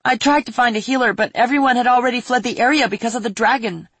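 A frantic, weeping young woman from a fantasy storybook, as a woman narrator puts her on. Her voice sits high and strained, cracking through sobs, with a breathy edge, and it is recorded close and dry. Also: fast talker, fairly bright tone, dry recording. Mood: tearful. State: crying, voice cracking. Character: distressed young woman, grieving and pleading.

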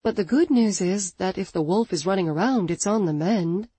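Give me a calm, soothing injured pregnant woman read by a woman, mellow and husky. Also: medium pitch, moderate pace, dry recording. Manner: gentle, reassuring.

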